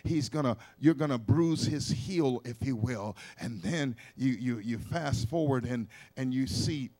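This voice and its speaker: A middle-aged male pastor preaching a sermon, repeating phrases and building from quiet asides to shouts. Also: mid-range voice, measured pace. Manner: repetitive, call-and-response preaching, swelling to shouts.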